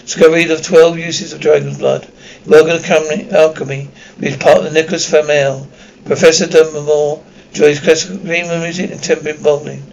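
Male audiobook reader, gravelly, slightly high, reads with frequent slips and restarts. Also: steady tone, fairly quick, dull audio. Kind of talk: amateur audiobook narration.

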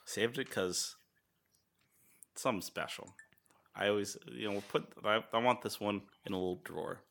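Bright-voiced joking man co-host. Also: lowish voice, moderate pace, gravelly. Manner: jokey, playful, laughs often. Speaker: podcast co-host. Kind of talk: casual banter, reading user reviews aloud.

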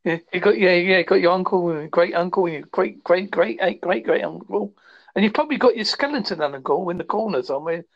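A man's voice: high voice, lively intonation, fairly quick, gravelly, muffled recording. A man from England chatting casually, joking around and slipping into silly voices. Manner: jokey, slips into silly voices and impressions. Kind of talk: casual chat.

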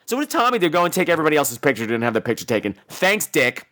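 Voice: medium pitch, big pitch swings, rapid-fire, bright, forceful tone. A podcast host giving a casual movie review in a sarcastic, exasperated rant.

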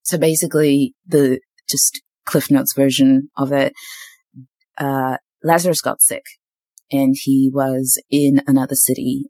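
A woman's voice: extremely low pitch, warm tone, dry recording. A young woman telling a candid personal faith story in casual chat, with frequent ums and likes. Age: young adult. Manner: candid, faith-filled storytelling with lots of fillers. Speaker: podcast host.

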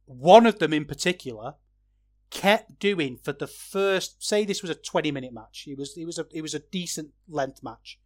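A man on a wrestling podcast reviews a match in a casual, chatty way, growing animated whenever he rants. His voice sits on the high side, at a normal speed.

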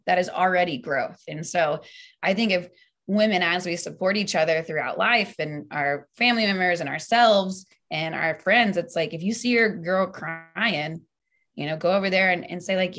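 Lively, open singer guest, lower voice. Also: female voice, moderate pace. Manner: open, animated, laughs often. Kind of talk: casual interview chat.

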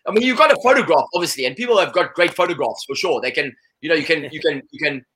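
A man's voice: a little high, animated, fast, sharp tone. A man being interviewed in a casual chat, talking with energy and saying "you know" a lot. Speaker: interview guest.

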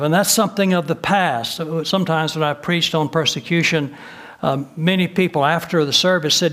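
Retired older pastor preaching, folksy. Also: male voice, on the high side, moderate pace. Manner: folksy, with frequent "uh" fillers and gentle humor. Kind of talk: sermon.

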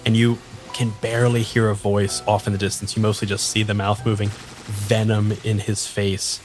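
A man narrating a tabletop role-playing game as game master, describing scenes calmly. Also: fairly low pitch, normal speed, faint music behind.

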